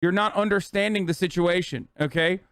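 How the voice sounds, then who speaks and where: A man's voice: sits high, brisk, a bit bright, smooth, dry recording. A man in his thirties streaming, delivering a heated, profane political rant, angry and insistent. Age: 30s.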